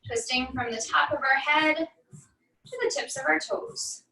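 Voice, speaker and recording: Woman instructor, high bright voice, calm stretch cues with dry humor, echoey room, voice from off-mic. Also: measured pace, vocal fry, distant mic, soft background music. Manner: calm, encouraging cues with wry asides. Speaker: fitness instructor. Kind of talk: guided barre cool-down instruction.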